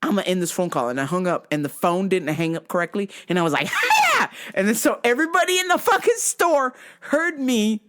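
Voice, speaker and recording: A woman podcast host rants casually in a mid-range, lively voice, talking fast with hardly any pauses. Brash, profane, and self-described as masculine, she tells stories punctuated by bursts of laughter.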